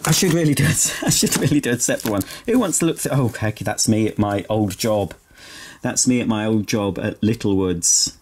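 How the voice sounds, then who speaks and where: Speaking fairly quickly in a lowish, darkish voice, a middle-aged vlogger chats while sorting his old belongings indoors at home. He's sentimental and jokes at his own expense, with slight background noise present.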